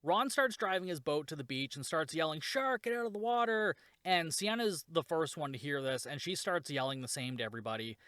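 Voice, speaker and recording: A man's voice: a little high, lively intonation, a little fast, few pauses, a bit bright, no echo. A man hosting a podcast, casually recapping a shark movie with sarcasm, swearing and lots of "like.".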